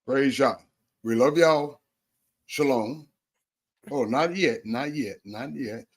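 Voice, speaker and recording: A man's voice: medium pitch, slow, husky. A male host with a mid-range voice who speaks in a preacherly way. He stacks up repeated phrases and leans into each one as he runs a streamed faith talk show.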